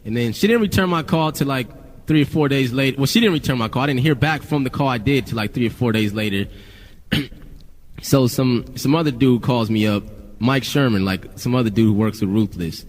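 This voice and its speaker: A man's voice: mid-range voice, brisk. A man being interviewed, telling a story in a candid, casual way with swearing and repetition. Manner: candid, profane, repeats himself.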